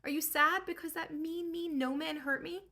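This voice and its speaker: A woman's voice: high-pitched, fairly even intonation, moderate pace, bright, forceful tone, voice pushed up. A woman voicing a dim, one-eyed male giant who dotes on his sheep, talking in a casual slangy way. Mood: cooing.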